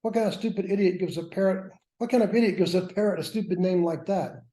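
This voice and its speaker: A man's voice: high-pitched, fast, warm tone, natural voice. A man voicing a scoffing male burglar in a joke he tells. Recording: roomy echo.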